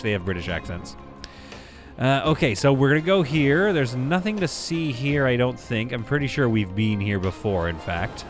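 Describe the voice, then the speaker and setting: A young man casually commentating a city-building game, chatty and thinking aloud as he goes, often correcting himself mid-sentence. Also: medium pitch. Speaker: gameplay video host. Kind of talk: casual let's-play commentary.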